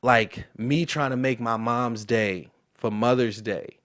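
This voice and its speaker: A man's voice: medium pitch, takes it slowly. Young man telling a story animatedly. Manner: animated, acts out voices in his story. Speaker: interview guest, football player. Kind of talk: casual storytelling.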